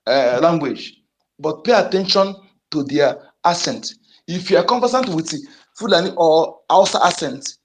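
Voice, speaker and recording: A man with a Nigerian Igbo accent speaking in an online discussion, emphatic and repetitive, with frequent restarts. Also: sits high. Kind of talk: impassioned political talk.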